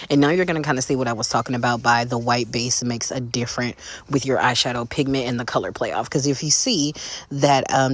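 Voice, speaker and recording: A makeup creator talking viewers through a step-by-step tutorial in a sassy, playful, chatty way, often jumping up high for flourishes.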